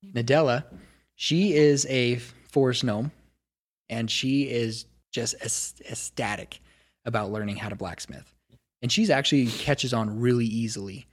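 A man's voice: medium pitch, a little slow. Give me a casual man narrating a tabletop game as game master. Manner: casual, hedging with filler words.

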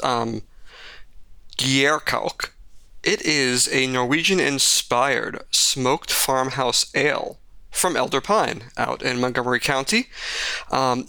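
Wry joking guy on a podcast, gravelly voice, dry close sound. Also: mid-range voice, sharp tone, no room sound. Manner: wry, joking, rambling asides. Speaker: podcast co-host. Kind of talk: casual chat.

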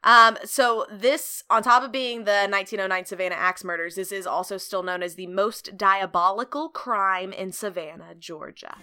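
Bright-voiced woman podcast host, playful. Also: medium pitch, fairly quick, few pauses, slight background noise. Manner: playful, laughing, jokey asides. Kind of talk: casual chat, storytelling.

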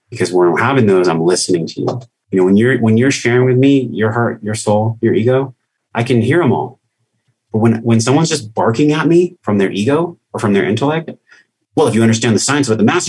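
A man with a low, husky voice delivers a podcast host's monologue. He talks in a heated, rambling way and leans on "like" fillers as he works through his thoughts. It sounds loose and conversational rather than scripted. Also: darkish tone. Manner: impassioned, rambling, frequent "like" fillers. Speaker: podcast host.

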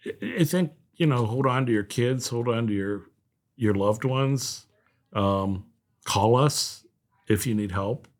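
A man from Ohio, a guest leading a nonprofit, speaking in a heartfelt, halting way with many fillers in a casual interview. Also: mid-range voice.

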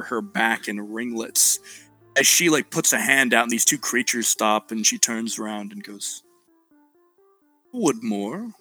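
A man running a tabletop role-playing game, describing scenes in a slow, halting way. His voice is bright and forward, and faint music sits under it. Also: medium pitch, rough recording. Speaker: game master.

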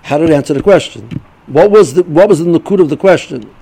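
A middle-aged man giving an informal Torah lesson, halting and repeating words as he restarts sentences. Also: a little high, mellow, poor audio. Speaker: yeshiva rebbe giving a shiur.

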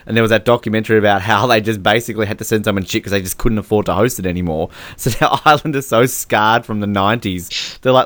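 A man's voice: fairly low pitch, quick pace, a bit bright, no echo. A man hosting a casual podcast chat, sarcastic and often laughing. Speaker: podcast host. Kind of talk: casual chat reviewing song contest entries.

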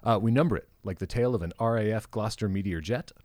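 A man's voice: lowish voice, fast, darkish tone, no echo, studio quality. A man co-hosting a casual podcast, trading wordplay and playful grandiose intros. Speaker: podcast co-host. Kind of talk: casual chat.

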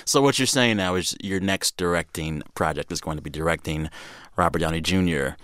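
A man's voice: low voice, fairly quick, a bit bright, clean tone, dry recording, studio quality. A man hosting a casual interview, laughing along and making jokey asides. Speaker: podcast host.

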